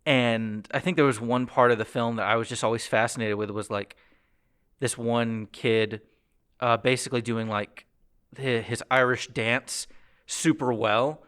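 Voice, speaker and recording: A young man hosting a podcast, chatting casually and acting out quotes in lively bursts. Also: measured pace, clear, resonant tone. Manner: animated storytelling, acts out quotes with pitch jumps. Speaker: podcast host. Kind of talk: casual chat.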